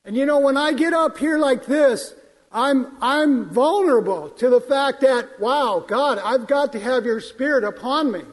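A man with a strikingly high voice preaches a sermon at an unhurried pace, stressing key words as he quotes scripture. His voice rings out with a long reverb from the church sanctuary. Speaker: pastor.

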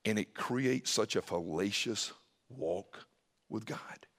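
A man's voice: fairly low pitch, slow, a bit bright, big-room sound. A middle-aged man preaching a sermon as a pastor, telling a family story, acting out the dialogue, and sometimes dropping to a whisper.

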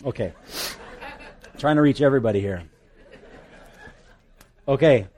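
A man from Hawaii with a Hawaiian accent, preaching a sermon with jokes and swings between loud and soft. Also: a little slow, a faint crowd, a little hiss or hum. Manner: animated, joking asides, pitch and volume swing widely. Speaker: pastor.

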